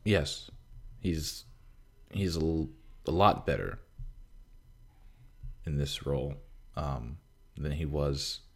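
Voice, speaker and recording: A man's voice: rumbling low, takes it slowly, long pauses. A man chatting casually about a movie, rambling with lots of fillers and exasperated swearing. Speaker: film discussion co-host. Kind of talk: casual chat.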